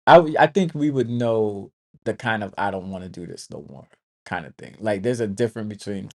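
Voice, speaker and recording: Relaxed man with a lowish voice. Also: fairly quick, vocal fry. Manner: relaxed, agreeable, short affirmations. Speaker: podcast co-host, parent. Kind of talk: casual conversation.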